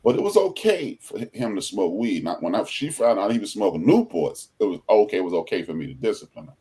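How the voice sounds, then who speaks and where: A man hosting a podcast in casual chat, telling stories in an animated way and acting out the people he quotes. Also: on the low side, fast talker, husky. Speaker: podcast host.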